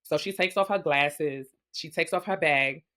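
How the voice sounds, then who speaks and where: A woman with a low voice speaks at a moderate pace while hosting a casual reality-show gossip recap. She's blunt and profane, telling stories with lots of animation.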